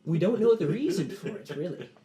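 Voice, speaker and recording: A man playing a smooth, ambitious nobleman who speaks formally and hesitates often. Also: on the high side, sing-song, a little fast, dark tone, voice pushed up. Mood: scheming.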